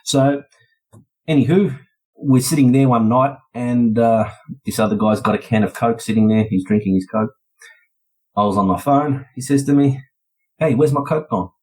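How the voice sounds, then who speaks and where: A man's voice: mid-range voice, normal speed, a little mellow, rough recording. An Australian man, a podcast guest, recounting events in a chatty, laid-back way. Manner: chatty, laid-back, slips into voices when quoting. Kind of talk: casual storytelling.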